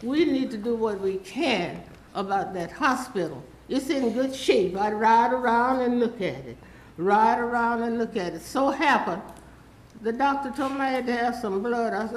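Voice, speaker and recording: A woman's voice: a little high, moderate pace, echoey room, slight background noise, low-quality recording. A woman, rambling and pleading through a public comment at a city council meeting. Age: 80s.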